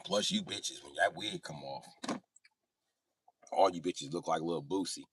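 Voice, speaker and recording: A man's voice: rumbling low, a little slow, husky, far from the mic. A man hosting a livestream, ranting casually and joking with lots of swearing. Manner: animated, joking, swings loud and quiet. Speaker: livestream host. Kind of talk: casual profane comedic rant.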